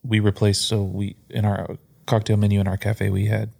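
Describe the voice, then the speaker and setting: A man's voice: lowish voice, completely flat delivery, moderate pace, vocal fry, mellow. A man chatting casually as a guest on a podcast, telling stories about coffee and cocktails.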